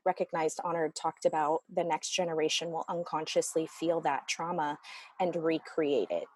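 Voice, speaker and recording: An earnest woman therapist explains her work in a lively, reflective way, often restarting phrases as she thinks. Her voice sits a little low for a woman. The sound is close and dry, with almost no room echo. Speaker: family constellation therapist. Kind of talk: conversational interview.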